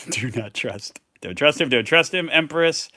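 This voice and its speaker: Give me an animated man narrating a board game live, bright tone. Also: a little high, measured pace, dry recording. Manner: animated, chatty, reads aloud with asides. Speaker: host. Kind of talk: live game playthrough, reading cards.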